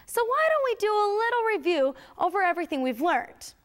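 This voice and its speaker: A woman's voice: very high-pitched, sing-song, a little fast. A woman cheerleader hosting a school health program, friendly and recapping for students. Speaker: cheerleader host.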